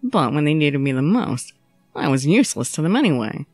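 A woman's voice: sing-song, brisk, a little mellow, no echo, faint music behind. Woman voicing a brooding, sickly young swordsman. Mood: despondent. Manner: low, subdued, teasing drawl. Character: young male samurai, ill, wry and brooding.

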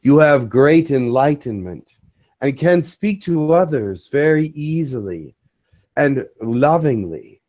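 A man channeling a spiritual message to a small community, speaking in a measured, solemn way. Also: medium pitch, expressive, darkish tone.

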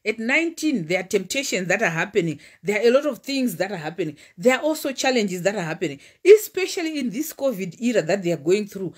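A woman preacher and relationship coach delivers a livestream sermon with personal testimony. Her medium-pitched voice is sing-song and a little breathy, fairly quick, full of fervent, repetitive declarations.

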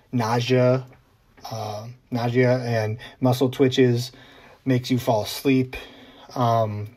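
A man talks straight to camera as host of his own explainer vlog. His voice is mellow and warm at an ordinary middle pitch. He keeps it chatty, with ums and little asides. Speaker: journalist host.

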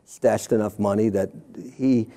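A middle-aged man speaks in a low, mellow voice. He tells his story casually and frankly as an interview guest, wandering off mid-sentence and acting out other people's lines as he goes. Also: fairly even intonation, measured pace. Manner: rambling, self-interrupting, quotes others in passing. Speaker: former church member interviewed as guest. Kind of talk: candid conversational storytelling.

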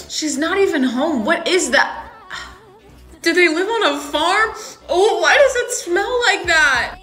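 High bright young woman, dramatic skits. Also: lively intonation, slow, soft background music. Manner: dramatic, exaggerated reactions. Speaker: skit creator. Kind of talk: comedic POV skit acting.

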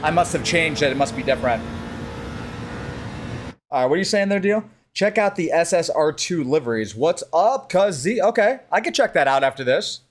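An American man on a live stream, chatting casually and excitedly with his viewers and greeting them by name while he races. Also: a little high, moderate pace, a little hiss or hum. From United States. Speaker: gaming livestreamer.

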